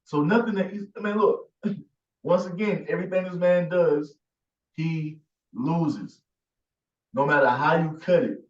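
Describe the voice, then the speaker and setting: A man's voice: a little high, measured pace, pauses often. Echoey, distant male preacher, emphatic. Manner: forceful, repeats "man" and "you see". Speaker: teacher. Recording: echoey, distant, dull sound.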